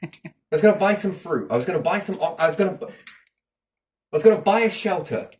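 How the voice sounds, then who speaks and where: A bewildered hunter-gatherer voiced by a man stammers and circles back over his words, his voice pitched up a little from his everyday tone. He sounds a bit distant from the microphone. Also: lively intonation, darkish tone. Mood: puzzled. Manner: halting, repeating himself. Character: a bewildered male hunter-gatherer short of money.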